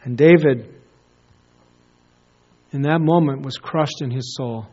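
A man's voice: medium pitch, slow, slightly rough. Earnest male pastor preaching, dull lo-fi. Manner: earnest storytelling, swinging between emphatic peaks and hushed solemn drops. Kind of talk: sermon.

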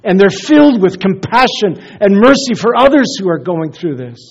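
Earnest high-voiced man preaching. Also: very animated, normal speed, breathy edge. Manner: earnest, often dropping to a hushed, soft voice. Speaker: pastor. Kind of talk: sermon. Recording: dull lo-fi recording.

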